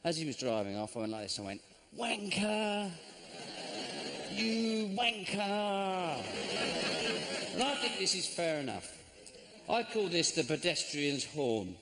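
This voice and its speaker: A middle-aged man from England doing a stand-up comedy routine, deadpan and grumbling, breaking into sudden shouts. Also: medium pitch, normal speed. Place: large theatre stage. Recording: live show with constant audience noise.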